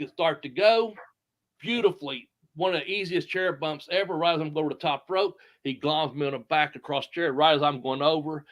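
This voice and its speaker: A middle-aged man, a retired wrestler telling profane, animated stories with sound effects. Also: on the high side. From United States. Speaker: retired pro wrestler, guest. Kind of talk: casual storytelling interview.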